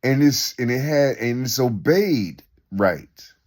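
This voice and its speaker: A man's voice: medium pitch, expressive, slow pace, a little mellow. A man in a rambling, unscripted monologue who keeps asking rhetorical questions and repeating himself. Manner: unscripted, loose and conversational. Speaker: speaker sharing reflections.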